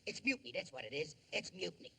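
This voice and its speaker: A man's voice: high voice, sing-song, fast talker, creaky, pushed and bright, a little hiss or hum, full character voice. A man playing a shrunken, self-pitying showman who mangles big words, in 1930s film comedy acting. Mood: melodramatic.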